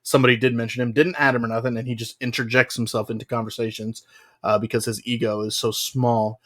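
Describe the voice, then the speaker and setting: A man's voice: mid-range voice, little pitch movement, quick pace, fairly bright tone. A man co-hosting a casual wrestling podcast, rambling through the news with frequent "uh"s and laughs. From United States. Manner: rambling, laughs often, lots of filler "uh". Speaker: podcast co-host.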